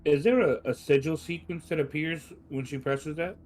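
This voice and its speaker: A man's voice: a little high, fairly even intonation, moderate pace, a little mellow. Inquisitive male player. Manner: inquisitive, plans ahead. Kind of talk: tabletop game chat.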